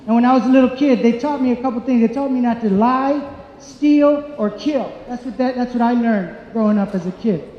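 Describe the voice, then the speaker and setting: A man's voice: very high voice, brisk, slight background noise. A man giving an angry, emphatic public comment at a community meeting in a church hall, repeating his points. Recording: echoey hall, dull sound.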